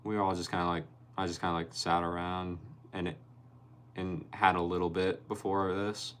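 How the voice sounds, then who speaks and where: A man's voice: low voice, level tone, moderate pace, fairly bright tone, clear, resonant tone. A young man hosting a casual livestream, reading viewer comments aloud and laughing often. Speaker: livestream host reading chat. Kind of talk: casual live-stream chat.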